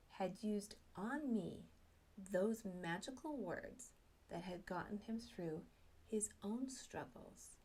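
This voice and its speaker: A middle-aged woman telling a personal story, self-mocking and animated, acting out her own thoughts. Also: medium pitch, gravelly. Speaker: speaker sharing a personal story.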